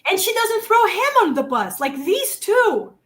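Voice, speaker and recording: A woman with a Massachusetts accent chatting about a true-crime case, animated and worked up, swearing at times. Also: very high voice, unhurried. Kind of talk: casual true-crime chat.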